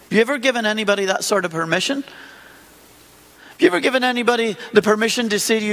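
A man's voice: high-pitched, fast, long pauses, fairly bright tone. A man preaching a sermon in a conversational way, asking the listeners many rhetorical questions. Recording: long hall reverb.

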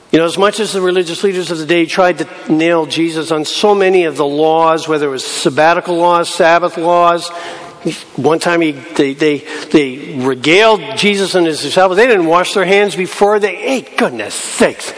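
A man's voice: on the high side, normal speed. A man preaching a sermon, talking to the congregation in a conversational way and acting out scenes from the Bible in different voices. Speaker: pastor. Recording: long hall reverb.

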